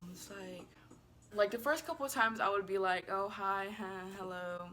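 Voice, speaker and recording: Here a woman vlogger chats her way through a rambling storytime to camera, leaning heavily on "like," giggling and bubbly, with the occasional playful apology. Her mid-range voice comes at a normal pace and sounds pushed and bright.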